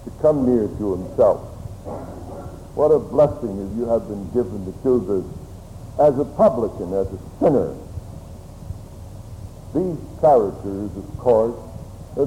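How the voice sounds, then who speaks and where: A man preaching a sermon slowly and solemnly, with old-fashioned phrasing. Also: mid-range voice, mellow, dull audio. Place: church. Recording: church hall reverb with faint room noise.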